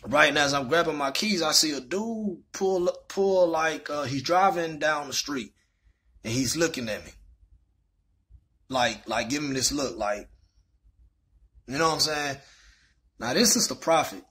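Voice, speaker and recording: A man's voice: fairly high pitch, a little slow, long pauses, bright, forceful tone, slightly rough. A young man telling a personal story in a candid, rambling way, full of fillers. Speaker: vlogger.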